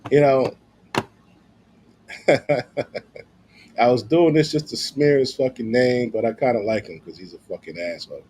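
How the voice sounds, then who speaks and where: Husky-voiced guy riffing crude and slangy on stream, lots of filler. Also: mid-range voice, moderate pace, pauses often, mellow. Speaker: streamer commenting on news. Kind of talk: casual profane commentary.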